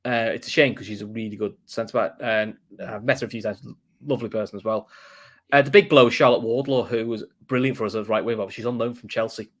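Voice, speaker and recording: A man co-hosting a football reaction podcast, reading a sponsor ad and chatting casually. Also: medium pitch. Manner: reads the sponsor ad in a quick, chatty way. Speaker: podcast co-host.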